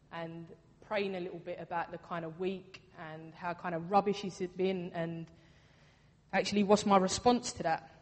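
A woman preaching a sermon in a casual, earnest way, repeating her points for emphasis. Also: medium pitch. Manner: earnest, conversational, with emphatic repetition. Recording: long reverb of a hall.

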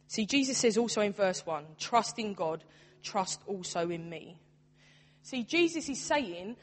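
A woman's voice: mid-range voice, expressive, measured pace. A young adult woman, a church youth worker, preaching a sermon in an earnest, conversational way. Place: church hall. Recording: long hall reverb.

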